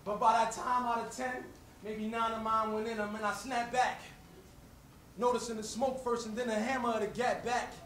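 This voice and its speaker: A man's voice: very high-pitched, level tone, moderate pace, a bit bright, slight background noise. Intense rhythmic spoken-word poet, man. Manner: intense, rhythmic rhyming delivery. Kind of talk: performed spoken-word poetry. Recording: roomy, distant, faint ambience.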